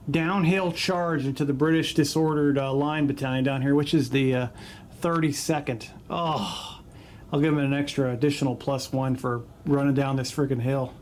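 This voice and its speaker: Man, wargame battle report, casual jokey commentary, slightly high voice, faint background hiss. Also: a little mellow. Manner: chatty, jokey, frequent "uh" fillers. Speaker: tabletop wargame host. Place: home basement.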